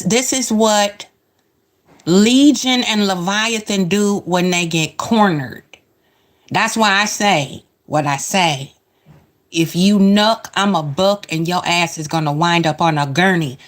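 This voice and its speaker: A woman giving sassy, emphatic casual commentary as she reacts to show clips. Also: mid-range voice.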